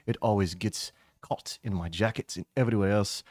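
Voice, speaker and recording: A man voicing a cranky male tavern owner who shouts, swears and sounds exasperated in a tabletop game. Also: on the low side, brisk, no room sound, clean studio sound, close to an everyday voice.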